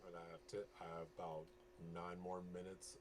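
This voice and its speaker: A man plays a tabletop game, talking in a very low voice. He speaks haltingly, pausing and restarting. Clear noise sits behind him. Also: flat delivery. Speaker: player. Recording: noisy background.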